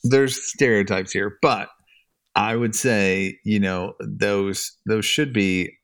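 A man's voice: fairly low pitch, steady tone, slow pace, a bit bright, clean tone, dry recording. A middle-aged man co-hosting a podcast about church leadership, thoughtful and searching for his words. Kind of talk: casual podcast discussion.

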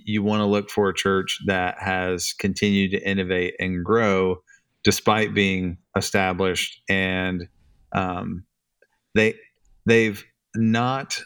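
A man's voice: fairly low pitch, fairly bright tone, clear, resonant tone, no echo. A middle-aged man co-hosting a podcast about church leadership, thoughtful and searching for his words. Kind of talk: casual podcast discussion.

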